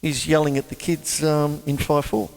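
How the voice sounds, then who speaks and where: A man hosting a drum show, teaching in a casual, chatty way and counting beats out loud. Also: on the high side, normal speed, vocal fry. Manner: animated, counts beats aloud in rhythm. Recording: long reverb with drum music behind.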